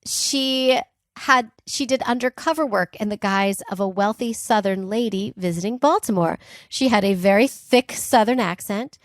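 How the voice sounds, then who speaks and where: A woman co-host telling a history story in a relaxed, chatty way, with "like" and "um" asides. Her voice sits at an ordinary middle pitch. The sound is dry and close, with no room in it. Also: normal speed, no room sound. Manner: chatty and animated, laughs often, asides with "like" and "um". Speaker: podcast co-host. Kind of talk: casual chat retelling history.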